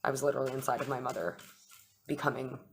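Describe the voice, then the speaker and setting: A low-pitched young woman chats through an astrology and tarot reading. She swears freely and acts out little dialogues, with a faint hiss behind her voice. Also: steady tone, fast, creaky. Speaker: astrology and tarot channel host. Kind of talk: casual chat with tarot reading.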